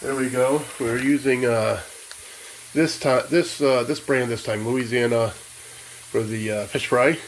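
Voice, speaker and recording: Man van-lifer, folksy and rambling, average pitch, handheld phone sound with light background noise. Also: fairly even intonation, slow pace. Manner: folksy, rambling, calls viewers "folk". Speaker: vlogger living in a van. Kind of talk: casual vlog chat. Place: outdoors by water and inside a van.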